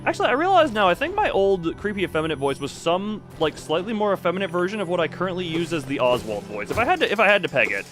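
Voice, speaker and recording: A man's voice: high voice, big pitch swings, quick pace, hardly any pauses, music in the background. A man streaming a game, chatting casually and rambling to his chat, often stopping himself mid-sentence. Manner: rambling, self-interrupting, talks to chat and to himself. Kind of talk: casual live-stream chat while playing.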